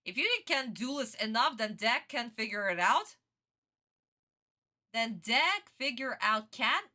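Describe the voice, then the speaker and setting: A woman chatting casually as a reaction video host, her bright, fairly high voice tumbling between tangents. She giggles often and rambles freely. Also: lively intonation, measured pace. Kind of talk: casual chat.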